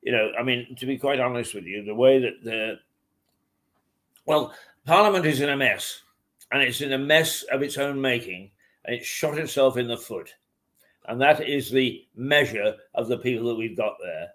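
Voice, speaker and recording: A man hosting a morning talk show from a hotel, rambling and halting with many fillers. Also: medium pitch, a bit bright. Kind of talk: casual chat. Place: hotel room.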